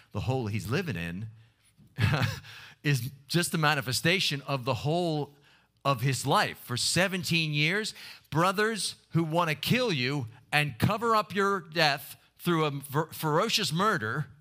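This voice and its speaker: A man's voice: fairly high pitch, lively intonation, moderate pace, pushed and bright. A man preaching a sermon, telling stories with restarts and short laughs.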